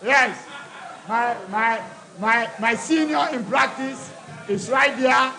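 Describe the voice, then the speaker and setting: A man with a Sierra Leonean accent, chairing a legislative committee and presenting a bill to parliament in a formal, deliberate address read in short phrases. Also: very high-pitched, creaky, pushed and bright, a faint crowd, low-quality recording. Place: parliament chamber.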